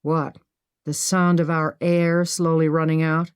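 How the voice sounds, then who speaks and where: A woman voicing a sharp-tongued, pessimistic young woman who snaps and speaks with sarcasm, in an audiobook. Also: low voice, little pitch movement, unhurried, clear, resonant tone, no room sound, clean studio sound. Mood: sarcastic. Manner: sarcastic, snappish.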